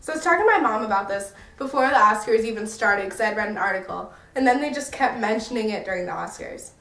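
A woman's voice: a little high, animated, quick pace, a bit bright, far from the mic. A young American woman vlogging in a casual, rambling and self-mocking way. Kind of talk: casual chatty review. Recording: echoey room, a bit off-mic.

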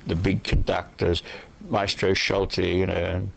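Gravelly, low-voiced man thinking aloud. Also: flat delivery, measured pace, a little hiss or hum, rough recording. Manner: reflective, opinionated, thinks aloud. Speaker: guest poet. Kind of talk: conversational interview answers.

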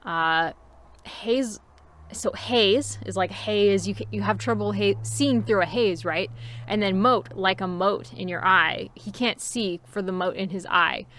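Woman, casual book review, chatty, musing, fillers and laughs, middle pitch. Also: a little slow, fairly bright tone.

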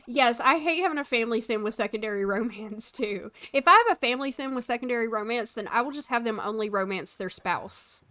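Young woman streamer, kinda high bright voice, chatty, bossing her game family around and reading chat. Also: animated, brisk, hardly any pauses. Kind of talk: live gameplay commentary.

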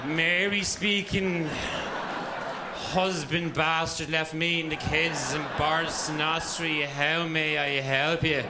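A man with an Irish accent voicing a weary, put-upon female phone operator in a slow, flat, self-pitying drawl, recorded live in a comedy club with audience noise. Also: a little high, voice pushed down. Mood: glum.

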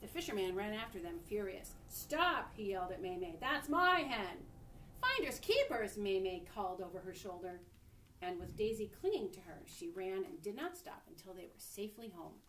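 In an echoing room, picked up by a far-off microphone over a faint rumble, a woman expressively reads a picture book to children. She pauses at points to draw their attention to the pictures.

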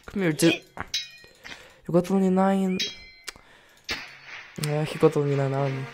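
A young man giving excitable casual commentary while playing a game, reading its text aloud and yelling at enemies. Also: on the high side, slow pace, pauses often, music in the background. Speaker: gaming YouTuber.

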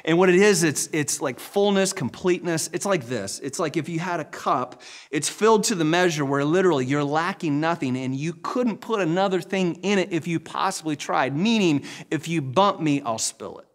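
Folksy middle-aged pastor preaching conversationally. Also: male voice, fairly high pitch, expressive, normal speed. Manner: conversational, folksy storytelling with repetitions. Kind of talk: sermon. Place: large church auditorium.

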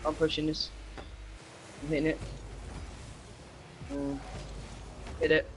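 A young man streaming an online game, excitably shouting call-outs and bragging to his teammate. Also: on the high side, slow, music in the background. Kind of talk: casual gaming chat with a teammate.

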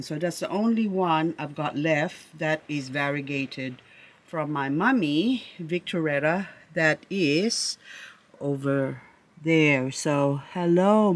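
Slow, chatty woman touring her succulents. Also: low voice. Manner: chatty and excitable, rambling, talks to her plants. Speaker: succulent grower vlogger. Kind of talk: casual plant-tour vlog. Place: among her succulent shelves. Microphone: handheld camera she moves around.

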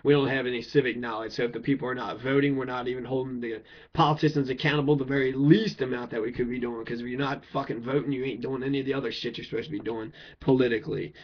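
Heated man ranting, lo-fi. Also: medium pitch. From Kentucky. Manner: blunt, heated, swearing, rhetorical questions. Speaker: political speaker. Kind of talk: profane political rant. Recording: dull lo-fi recording.

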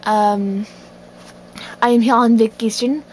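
A woman voicing a made-up Parisian woman on vacation, speaking with a put-on French accent in a slow, halting way. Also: on the high side, steady tone, darkish tone, a little hiss or hum. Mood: playful.

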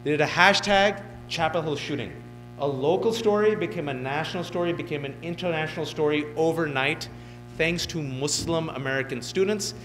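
Male keynote speaker, 30s, animated storyteller who does impressions, voice a little high, faint music underneath. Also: brisk, poor audio. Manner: animated, joking storyteller who mimics others. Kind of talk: motivational speech. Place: event hall.

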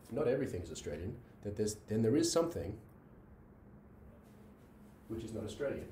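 A man's voice: on the low side, sing-song, a little fast, dark tone, slight background noise. A man giving a university logic lecture, working through examples and checking in with "right?" between fillers. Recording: roomy echo, voice from a distance, faint ambience.

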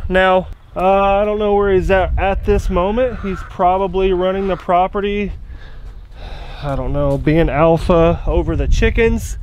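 A man's voice: sits high, a little hiss or hum. A middle-aged man, rambling in a folksy way as he films a casual vlog outdoors on his rural property. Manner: folksy and rambling, talks to his pet duck. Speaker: duck-hunting guide and vlogger.

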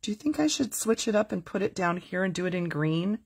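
A woman's voice: medium pitch, sing-song, brisk, vocal fry, breathy edge. A middle-aged woman hosting a live card-making tutorial, chatty and upbeat, reading viewer comments aloud as she works. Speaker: crafting host.

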